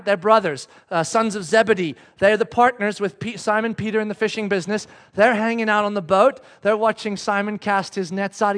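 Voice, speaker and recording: A man preaching a sermon, telling the story with lively acted-out voices. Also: sits high. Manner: animated storytelling, acts out the characters' voices. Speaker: pastor.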